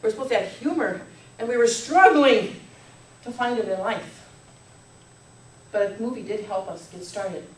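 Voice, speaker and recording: Playful woman speaking in echoey hall. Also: mid-range voice. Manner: playful, leads audience in laughing and jokes. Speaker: contest speaker. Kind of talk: humorous speech to an audience. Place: meeting hall with audience. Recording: echoey hall from far off, faint noise.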